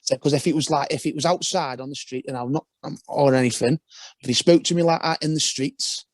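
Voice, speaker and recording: A man's voice: fairly high pitch, a little fast, no echo. A young man, a former footballer, talking casually as a podcast guest in a rambling storytelling way with frequent restarts.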